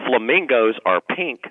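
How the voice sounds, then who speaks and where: A man running a trivia segment on a sports radio show, reading questions with animated delivery. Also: mid-range voice. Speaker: trivia quiz host. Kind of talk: casual on-air chat. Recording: tinny phone-like line.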